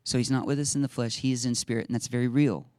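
A man preaching a lively sermon as a pastor, acting out little scenes and laughing now and then. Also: mid-range voice, rapid-fire, no echo, clean studio sound. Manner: animated, acts out little voices and laughs often.

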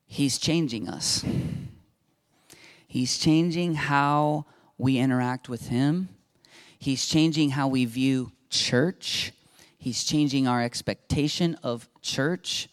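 A middle-aged man preaching a sermon as pastor, acting out Bible dialogue with rising intensity. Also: medium pitch.

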